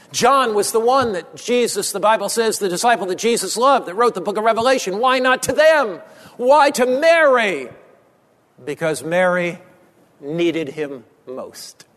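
A man preaching a sermon as pastor, with impassioned repetition and drops to a low, soft voice for emphasis. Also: big-room sound.

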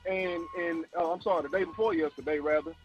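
A man's voice: on the high side, steady tone, fast talker, soft background music. A man calling in to a sports talk show, out of breath and making his point with emphasis. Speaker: caller. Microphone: phone line. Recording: dull lo-fi phone call.

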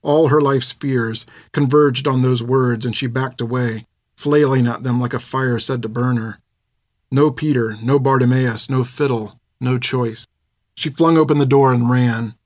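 A male narrator reading a chapter of an audiobook at a steady, even pace. His voice sits in a middle pitch, and the sound is close and dry. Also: no room sound.

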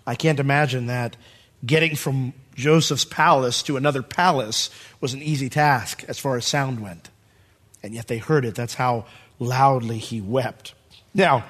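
A male pastor preaching a sermon in a church, animated and acting out the scene in different voices. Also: mid-range voice.

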